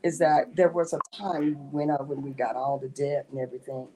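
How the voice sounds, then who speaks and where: A woman author, a guest in a casual interview, telling animated stories and often breaking into laughter. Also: very deep voice, fairly quick, slight background noise. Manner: animated storytelling with frequent laughter.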